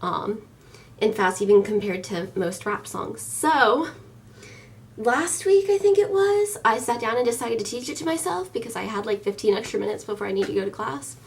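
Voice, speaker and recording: A woman's voice: a little high, expressive, normal speed, distant mic, a little hiss or hum. A young American woman in her early twenties, chatting to camera in a casual vlog, eager and full of ums and likes. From United States. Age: early 20s. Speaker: vlogger.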